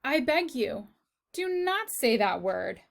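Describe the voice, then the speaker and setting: A tall, calm keeper of the castle keys from a storybook, put on by a woman reading aloud. She speaks in a hushed, soothing way, slowly, in a fairly high voice. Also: creaky, exaggerated voice.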